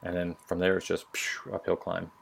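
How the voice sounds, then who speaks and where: A military veteran with a low, monotone voice and vocal fry tells stories at normal speed on a casual podcast. He's blunt and profane, acting out what people said.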